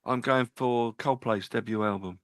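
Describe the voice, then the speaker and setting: A man's voice: medium pitch, fairly even intonation, moderate pace, a bit bright, dry recording. A man co-hosting a live radio music show, chatting casually and reeling off chart facts. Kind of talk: casual chat about albums. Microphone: studio mic.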